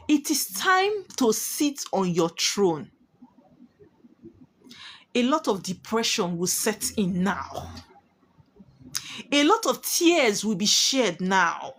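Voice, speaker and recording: A woman speaks as a spiritualist addressing her followers. Her voice sits high and swoops widely as she drives home warnings in an emphatic, preaching manner. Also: sing-song, slow, pauses often. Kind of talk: prophetic monologue to viewers.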